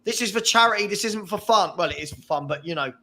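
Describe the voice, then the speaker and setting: Laughing high-voiced man calling auction bids. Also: expressive, sharp tone. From England. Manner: jokey, laughs often, calls bids slowly. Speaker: charity stream host running an auction. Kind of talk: casual livestream chat, auctioneering.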